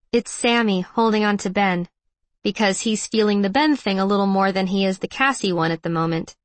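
A woman giving an intense, measured first-person audiobook narration. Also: mid-range voice, no echo.

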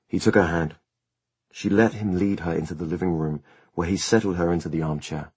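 A man narrating an audiobook in a measured, steady storytelling manner. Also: low voice, slightly rough, no echo. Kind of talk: scripted narration.

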